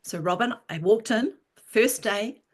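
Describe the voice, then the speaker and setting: A woman in her sixties, a writer and interview guest, telling her story with lively energy and frequent laughter. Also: fairly high pitch, a little slow. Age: 60s. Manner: animated storyteller, laughs often.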